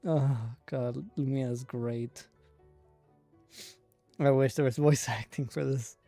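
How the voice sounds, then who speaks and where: A man's voice: mid-range voice, fairly even intonation, slow pace, dark tone, faint music behind. A young man streaming a game, reading its dialogue aloud and dropping wry, offhand asides.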